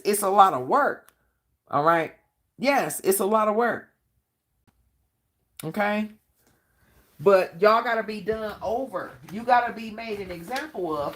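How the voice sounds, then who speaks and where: A woman hosting a live-stream Q&A, talking bluntly and profanely in a combative tone and often asking "all right?". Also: medium pitch. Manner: blunt, profane street talk. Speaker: channel host.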